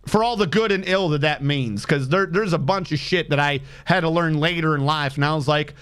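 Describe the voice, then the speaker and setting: A man's voice: on the high side, a little fast, few pauses, a bit bright, clean tone. A young man from Texas with a mixed Texan and New England accent, rambling and swearing casually as he chats with his stream audience. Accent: mix of Texan and New England. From Texas, born in Massachusetts. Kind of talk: casual chat while streaming a game.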